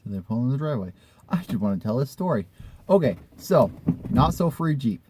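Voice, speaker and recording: A man's voice: mid-range voice, very animated, brisk, mellow, husky. A man in a casual vlog, telling a personal story in a rambling, conversational way with the odd swear word.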